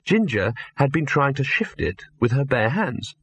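A man narrating a comic fantasy audiobook in a measured, dry storytelling manner. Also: mid-range voice, very animated, fairly bright tone, breathy edge, dry recording.

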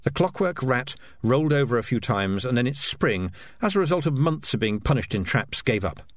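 A man narrating an audiobook as an expressive storyteller. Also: medium pitch, normal speed, no echo, studio quality.

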